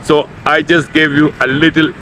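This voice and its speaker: A middle-aged man giving a casual video lesson, explaining slowly and repeating words. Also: on the high side, little pitch movement, background noise. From Pakistan. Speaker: language teacher.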